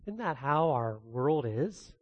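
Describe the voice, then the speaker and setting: A man's voice: medium pitch, sing-song, slow pace, long reverb tail, lo-fi sound. A man, a pastor, preaching an expository sermon in an earnest way, mixing in casual asides.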